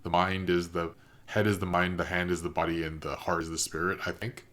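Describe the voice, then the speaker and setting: Low-voiced man musing over a show. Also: level tone, brisk, a bit bright. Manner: thoughtful, musing, analytical. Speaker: reaction video host. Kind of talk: casual spoken commentary.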